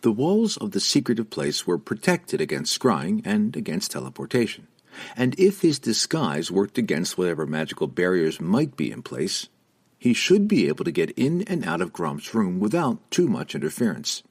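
A male narrator reads fantasy prose in a deep, low voice. His delivery is dramatic, with pitch that rises and falls vividly across each sentence. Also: normal speed, creaky, husky. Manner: dramatic, expressive reading. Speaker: audiobook narrator. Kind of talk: scripted fantasy audiobook narration.

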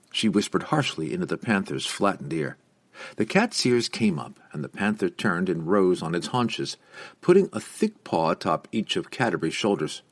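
A man narrating a fantasy novel as an audiobook, with expressive storytelling. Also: low-pitched, breathy edge. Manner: expressive storytelling with lively inflection.

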